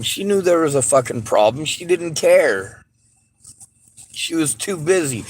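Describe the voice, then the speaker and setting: A man's voice: sits high, fairly bright tone. Bitter man ranting with heavy swearing. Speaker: vlogger. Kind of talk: angry monologue to camera.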